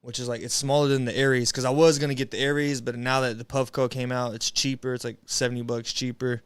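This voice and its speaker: A young man talks to his livestream viewers in a loose, rambling way, full of slang and swearing. His voice sounds smooth and clear. It comes through a close mic in a dry room with no echo. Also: mid-range voice. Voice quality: laid-back, rambling, slangy with frequent swearing. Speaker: streamer. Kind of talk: casual livestream chat.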